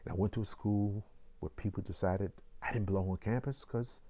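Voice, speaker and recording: A man in his sixties telling a personal story in a measured way, with deliberate pauses. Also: lowish voice, steady tone, dark tone.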